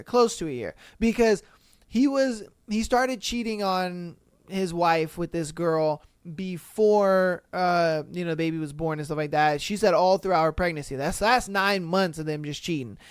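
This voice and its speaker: A woman hosting a podcast, reading a listener's story aloud and reacting in an animated, slangy way with plenty of swearing. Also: medium pitch, clear, resonant tone, no room sound, studio quality. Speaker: podcast host.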